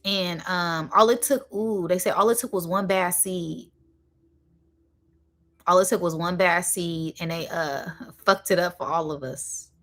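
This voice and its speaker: Casual woman host, somewhat low, channeling spirit messages live, rambling and drawn out. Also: fairly bright tone. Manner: rambling, full of fillers, slowing down to stress points; addresses viewers directly and casually.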